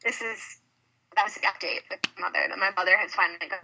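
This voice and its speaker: A woman co-hosting a podcast in casual chat, rambling and quick to laugh. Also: medium pitch, fairly even intonation, vocal fry, lo-fi sound, noisy background. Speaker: podcast co-host.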